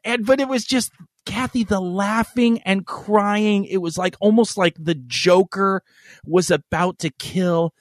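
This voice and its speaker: A man's voice: high-pitched, steady tone, unhurried, no room sound, studio quality. A middle-aged man, a podcast co-host, telling rambling, crude stories in casual chat with frequent laughs.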